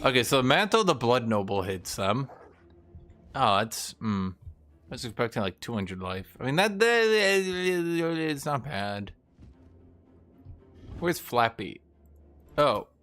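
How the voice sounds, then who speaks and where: A young man commentates his strategy game for chat in a bright, ringing voice. His pitch leaps and dips freely, and he takes his time, often trailing off mid-thought. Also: very animated, slow, long pauses, soft background music. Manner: talks to chat, wry, exclaims and trails off. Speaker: game streamer. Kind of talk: casual gameplay commentary.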